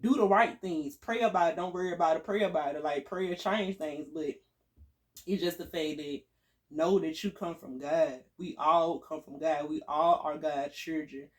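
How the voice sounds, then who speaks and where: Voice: medium pitch, normal speed. A vlogger giving an emphatic, preachy spiritual pep talk to viewers. The speaker uses casual slang, calls the audience y'all and repeats phrases for emphasis. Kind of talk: spiritual motivational talk to camera.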